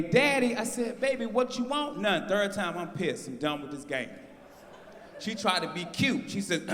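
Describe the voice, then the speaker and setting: A man from North Carolina doing a stand-up comedy set, telling stories loudly and teasing the crowd. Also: high voice. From North Carolina, USA. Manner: loud, animated storytelling, talking to the crowd. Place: stage of a live comedy show. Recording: echoey venue with long reverb.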